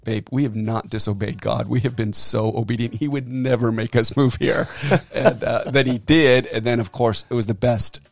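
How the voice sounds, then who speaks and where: A man who is a pastor, telling a story on a casual podcast in an animated way and acting out the people he quotes. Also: mid-range voice, moderate pace, creaky, no room sound. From Southern California. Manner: animated storyteller, acts out quoted voices, laughs often.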